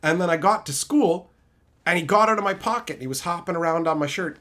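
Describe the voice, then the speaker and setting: A man streaming, answering his chat and telling stories in a loud, profane, laugh-filled way. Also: high voice, quick pace. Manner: animated, profane storytelling with frequent laughter. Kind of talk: casual livestream chat.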